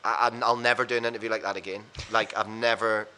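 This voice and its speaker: A man, a radio presenter, telling rapid, blunt anecdotes in casual chat on a podcast. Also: fairly low pitch, fairly even intonation, bright, forceful tone, clear, resonant tone.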